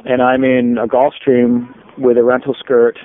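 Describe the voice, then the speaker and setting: A man casually telling a long anecdote on a podcast, in a relaxed, rambling way. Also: medium pitch, unhurried. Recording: tinny lo-fi phone-like sound.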